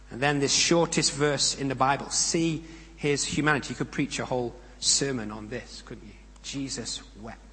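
A man preaching a sermon. He speaks in a measured, emphatic way, with pauses and rhetorical questions. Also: fairly high pitch, fairly bright tone. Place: church. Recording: long reverb of a church hall.

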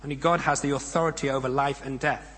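A man preaching a sermon. He speaks in a measured, emphatic way, with pauses and rhetorical questions. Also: mid-range voice, steady tone, fairly bright tone. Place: church. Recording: long reverb of a church hall.

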